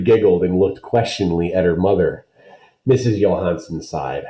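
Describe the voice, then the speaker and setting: Deep-voiced man reading a children's novel. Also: normal speed, mellow, roomy sound, rough recording. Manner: friendly, checking in with listeners.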